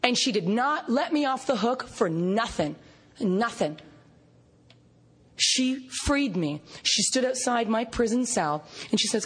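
Canadian woman telling her recovery story at a meeting, high voice, kinda husky, lively and laughing. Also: a little slow. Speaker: recovery fellowship speaker.

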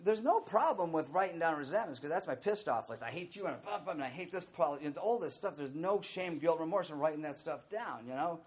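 A man's voice: a little high, lively intonation, brisk, few pauses, husky. A man giving a candid, conversational talk to a group about recovery program steps, often saying "you know".

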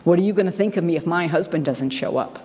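A woman's voice: fairly low pitch, fast talker, warm tone, husky. Candid wry woman in a reverberant hall. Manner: candid, wry, emphatic, many fillers. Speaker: speaker sharing her story at a recovery meeting. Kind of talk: personal testimony talk.

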